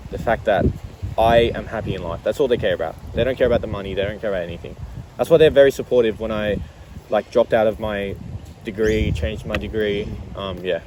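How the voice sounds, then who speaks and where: A young man from Iran, telling stories in a laid-back, animated way with casual slang during an outdoor interview. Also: fairly low pitch, noisy background. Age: young adult.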